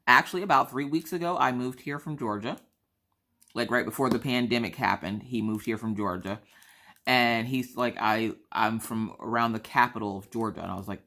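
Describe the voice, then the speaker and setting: A woman from South Carolina with a mixed Southern accent, chatting casually and telling a story while acting out the people in it. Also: rumbling low. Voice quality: animated, acts out other people in the story. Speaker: craft vlogger.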